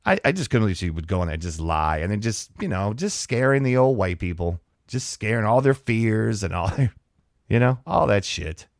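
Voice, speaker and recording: Give me a low-voiced man ranting sarcastically as a comedy podcast host. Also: lively intonation, normal speed, no room sound, clean studio sound. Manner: sarcastic, exasperated ranting with many restarts. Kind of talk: casual comedic rant.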